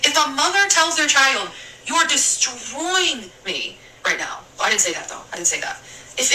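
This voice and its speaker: A woman's voice: high-pitched, bright, forceful tone. A woman streamer ranting angrily on a live stream, swearing and circling back to her complaints. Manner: angry, swearing, rambling. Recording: echoey room, mic at a distance, faint hiss.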